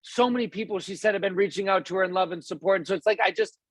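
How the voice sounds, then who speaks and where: Talking rapid-fire, a man delivers an informal motivational speech to his team, meandering and restarting a lot. When he quotes people, he plays them in a raised, louder pitch. The recording is dry.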